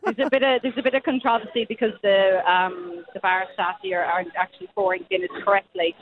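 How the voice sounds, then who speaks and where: A woman's voice: medium pitch, fairly even intonation, brisk. A woman with an Irish accent reporting by phone from outside at a street parade, cheeky and teasing. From Ireland. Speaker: phone-in correspondent. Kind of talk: casual live cross. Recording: tinny phone line with crowd behind. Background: crowd.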